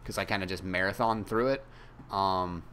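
Rambling young man, low voice. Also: normal speed, pushed and bright, slight background noise. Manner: rambling, self-mocking, casually profane. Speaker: gaming YouTuber. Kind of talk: casual chat while playing a game.

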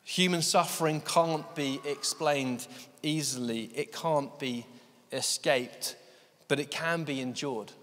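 A male preacher giving a sermon, telling a story with many fillers and slowing down to stress his key points. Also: a little high, a bit bright, big-room sound. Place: church hall.

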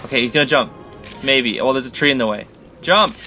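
A man giving let's-play commentary on a game he is playing, excitable and chatty, coaxing the creatures on screen. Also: medium pitch, fast, faint music behind. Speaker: gaming channel host.

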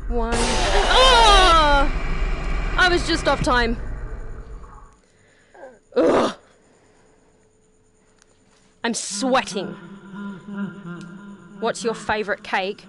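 A woman's voice: a little high, animated, slow, pauses often, a crowd in the background. A young woman streaming a VR horror game at home, jumpy and prone to yelps while she counts aloud. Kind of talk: live-streamed VR horror gameplay commentary. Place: home room.

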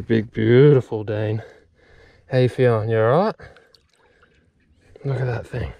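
A young man, a fishing vlogger, talking excitedly to camera and to the fish outdoors on the water, swearing as he goes. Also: mid-range voice, dry recording. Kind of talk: excited solo fishing commentary.

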